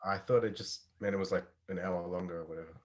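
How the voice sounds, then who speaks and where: A young man talks bluntly on a casual podcast, brushing things off and laughing along. His voice is low and a little husky. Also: steady tone, fast talker. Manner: dismissive, blunt, laughs often. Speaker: podcast co-host. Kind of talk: casual chat.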